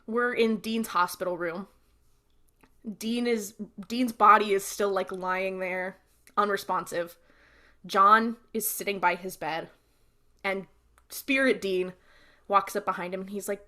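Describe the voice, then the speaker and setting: A young woman co-hosting a podcast speaks in a mid-range voice, a little slowly and with frequent pauses. She chats casually and gets animated while recapping, acting out characters' lines.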